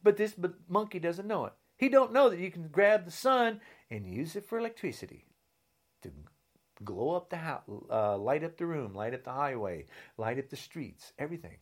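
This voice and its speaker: A man delivering a heated, insulting rant straight to camera, swinging between shouting and a low, menacing growl. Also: big pitch swings, moderate pace. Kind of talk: angry political rant to camera.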